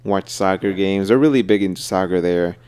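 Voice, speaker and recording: A man's voice: sits low, a little fast, darkish tone, smooth. A man chatting casually as a podcast co-host, rambling with lots of filler words. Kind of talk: casual chat.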